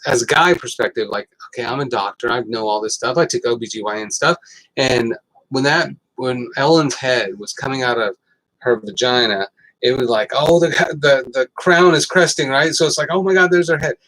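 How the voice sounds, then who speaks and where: A middle-aged man hosting a casual health talk, telling stories with lots of fillers and getting animated. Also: mid-range voice, moderate pace, poor audio. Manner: rambling, animated storytelling with fillers. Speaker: host.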